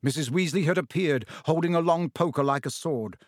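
A male narrator reading a novel aloud in a steady storytelling manner. His voice sits slightly high. The recording is dry and close. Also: fairly quick, no echo. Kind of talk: audiobook reading.

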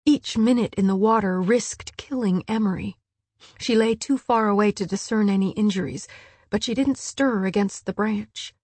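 A woman narrating an audiobook in a hushed, measured storytelling voice. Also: medium pitch, slightly rough, no echo. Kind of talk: scripted narration.

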